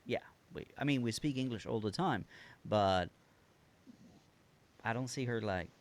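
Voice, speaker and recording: A man co-hosting a casual video-call chat, telling animated stories, mimicking other voices and laughing often. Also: medium pitch, a little slow. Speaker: co-host.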